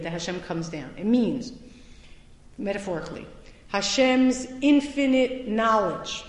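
A woman teaching a Torah class as a summer lecture, stressing some points loudly and dropping into quiet asides. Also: mid-range voice. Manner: emphatic, swings between loud stresses and quiet asides. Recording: echoey hall with long reverb.

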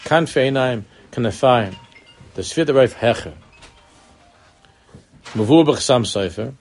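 Man, mid-pitched voice, earnest Torah lecture, repeats words, rises on key points. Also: lively intonation, slow. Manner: earnest, repeats words, mixes Hebrew terms into English, rises in emphasis. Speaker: rabbi teaching Torah.

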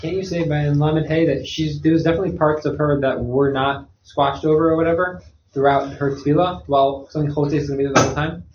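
A male student speaks up quickly from across the room with a tentative objection. His voice is a bit high and comes through dull and muffled. Loud background noise and room echo surround him. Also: fairly even intonation. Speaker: student in the class.

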